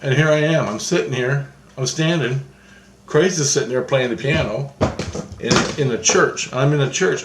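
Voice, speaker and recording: A man's voice: medium pitch, echoey room, slight background noise, rough recording. A man giving a rambling first-person account of a spiritual vision, restarting and repeating his phrases as he goes.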